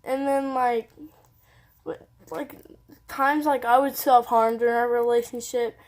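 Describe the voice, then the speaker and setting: Teen girl, vlogger, slightly high-pitched, casual rambling talk, lots of "like". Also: flat delivery, a little slow. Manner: casual, rambling, says "like" constantly. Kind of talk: candid personal storytelling.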